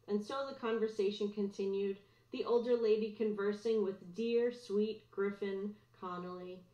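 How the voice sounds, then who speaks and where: A woman teacher reading a book chapter aloud to her students with clear, expressive delivery, in a roomy, dull recording. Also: medium pitch, normal speed, few pauses. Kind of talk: read-aloud storybook narration.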